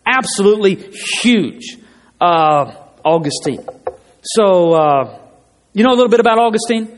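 A high-pitched male preacher delivers an emphatic sermon and doubles back on his phrases to drive each point home. His voice rings out through the long reverb of a church hall. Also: lively intonation, a little slow. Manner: emphatic, repeats phrases, rising and falling delivery.

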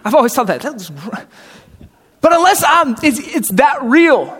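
Very high-pitched and sing-song, slightly rough with a fairly bright tone, this pastor's voice moves at a normal pace. His sermon is conversational, full of rhetorical questions and acted-out characters, and it echoes with hall reverb.

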